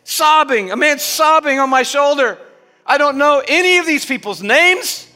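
High bright preaching man in a hall. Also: moderate pace. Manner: swings from hushed storytelling to loud impassioned preaching. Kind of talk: sermon storytelling. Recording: long reverb of a large hall, music behind.

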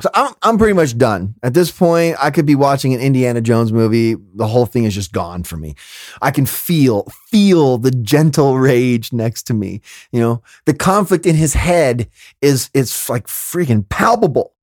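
Brief: lively, exasperated male host storyteller, dry close-mic sound. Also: mid-range voice, moderate pace, no room sound. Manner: animated, exasperated, laughing asides. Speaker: podcast host. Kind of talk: comedic storytelling monologue.

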